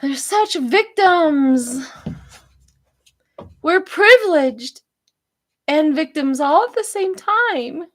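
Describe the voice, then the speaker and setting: A woman doing a mocking impression of a whiny, stoned grown man playing the victim, drawn out slowly and pitched above her own voice. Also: animated, fairly bright tone, exaggerated voice. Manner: slow, drawling mockery.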